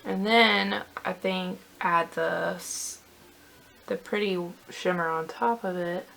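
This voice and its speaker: Chatty young woman with a gravelly edge. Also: on the low side, slow, fairly bright tone, slight background noise. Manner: chatty, self-deprecating, many fillers like "like". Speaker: beauty vlogger. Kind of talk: casual chat while doing makeup.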